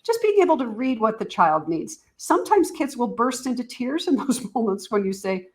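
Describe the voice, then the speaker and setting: A middle-aged woman talking in a podcast interview as a guest expert, animated and acting out little dialogues. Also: a little high, brisk, hardly any pauses. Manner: animated, acts out parent and teen dialogue.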